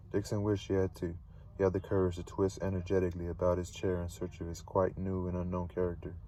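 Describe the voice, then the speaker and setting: A man reading a novel aloud, steady but stumbling and repeating words now and then. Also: sits low, fast talker, recorded from a distance, a little hiss or hum, low-quality recording. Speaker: read-aloud narrator.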